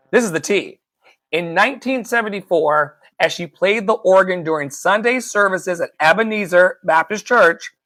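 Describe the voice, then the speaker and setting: Bright, animated male livestream host. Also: on the high side, no echo. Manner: animated, chatty asides to a co-host. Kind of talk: casual commentary, reading aloud.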